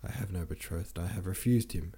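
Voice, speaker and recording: A man's voice: low-pitched, a little fast, mellow, slightly rough, exaggerated voice. A man voicing a distraught, bitter young woman in an audiobook reading. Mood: despairing.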